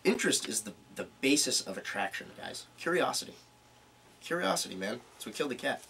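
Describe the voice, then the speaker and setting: A man presenting a live seminar to a small group, animated as he demonstrates different speaking tones. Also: mid-range voice, a little fast. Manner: animated, demonstrates vocal tones while explaining. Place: meeting room. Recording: distant mic with faint room noise.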